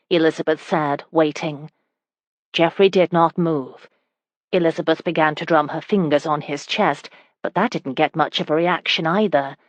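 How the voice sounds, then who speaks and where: Woman narrator for a romance audiobook, low voice, dry booth sound, measured reading. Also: steady tone, no echo.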